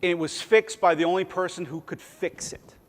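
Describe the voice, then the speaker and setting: In a church sanctuary, a male pastor with a high voice preaches briskly, his sermon conversational and self-deprecating, now and then slipping into little acted-out voices. The sound carries the echo of a big room.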